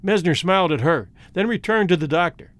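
A man narrating a novel in a measured, expressive reading. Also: sits high, dry recording. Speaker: audiobook narrator. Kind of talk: scripted narration.

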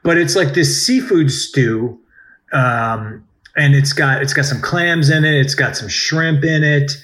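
A man's voice: on the high side, measured pace, fairly bright tone. Joking, playful male podcast host. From United States. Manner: playful, swears casually, jokey. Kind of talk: casual chat.

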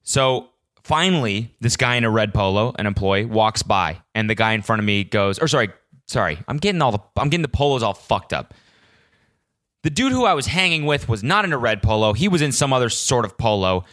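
A man's voice: medium pitch, sing-song, fairly quick, fairly bright tone, dry recording, clean studio sound. A man hosting a solo podcast, telling a story as an exasperated rant full of swearing. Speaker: podcast host.

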